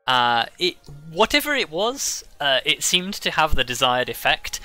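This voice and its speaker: A man narrating as game master of a tabletop game, halting often with fillers and restarts. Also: fairly high pitch, big pitch swings, pushed and bright, faint music behind.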